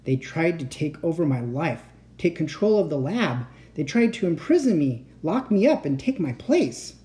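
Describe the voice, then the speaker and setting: Woman doing an excitable mad-inventor uncle. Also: low-pitched, moderate pace. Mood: fearful. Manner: excitable, pleading, then soft and menacing. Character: eccentric middle-aged male inventor uncle, unstable. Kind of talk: storybook read-aloud.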